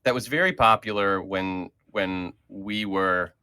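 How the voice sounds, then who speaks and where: A man's voice: deep voice, a little slow, sharp tone, clean tone. A man leading a casual group chat as host, talking in a rambling way with many fillers and restarts.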